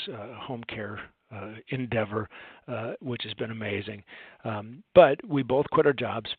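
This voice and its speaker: A man's voice: on the low side, vocal fry, breathy edge, no room sound. A man in his forties presenting a training session, earnest and conversational, telling stories with lots of fillers and asides. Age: 40s. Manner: earnest, storytelling, frequent fillers and rhetorical "right?". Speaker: home care agency owner presenting a training session. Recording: tinny phone-like dry audio.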